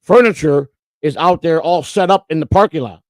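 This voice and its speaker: A man's voice: a little high, normal speed, dry recording. Swearing, rambling man telling stories. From Florida. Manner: rambling storytelling, swears freely. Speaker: co-host. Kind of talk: casual livestream chat.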